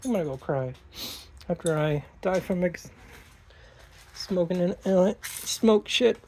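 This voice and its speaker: A woman's voice: on the low side, expressive, slow, a little mellow, a little hiss or hum. A woman working on her car in a garage, talking to herself and swearing in casual vlog narration. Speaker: car vlogger. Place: garage, indoors.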